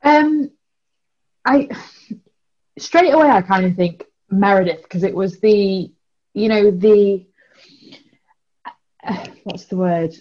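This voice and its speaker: A woman's voice: medium pitch, takes it slowly, pauses often, darkish tone. A woman, a guest on a podcast, chatting casually and often searching for words. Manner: rambling, searches for words, laughs. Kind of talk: casual chat. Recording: dull lo-fi sound.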